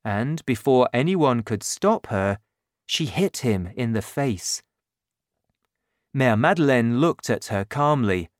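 A man narrating an audiobook chapter in a slow, clear and expressive way. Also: mid-range voice, dry recording, studio quality.

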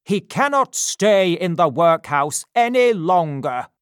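A man's voice: on the high side, expressive, slow pace, smooth, no echo, clean studio sound. A man voicing a bossy, blustering middle-aged workhouse official who barks orders in a storybook reading. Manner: loud, blustering.

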